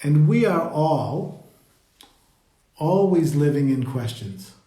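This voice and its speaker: A man leading a live meditation talk, speaking slowly and reflectively and greeting viewers as they join. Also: a little high, animated, mellow. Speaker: meditation teacher. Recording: roomy echo.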